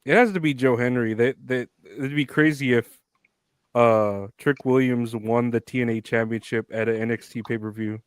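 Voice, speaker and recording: A man's voice: medium pitch, fairly even intonation, normal speed, clean tone, no echo. A man co-hosting a podcast in casual chat, laughing often and rambling loosely. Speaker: podcast co-host.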